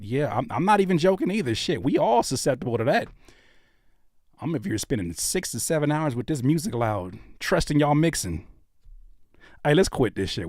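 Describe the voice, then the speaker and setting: A man's voice: mid-range voice, no echo, clean studio sound. A man hosting a livestream, reacting to submitted music in joking, rambling casual commentary. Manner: joking, animated, rambling with restarts and laughs.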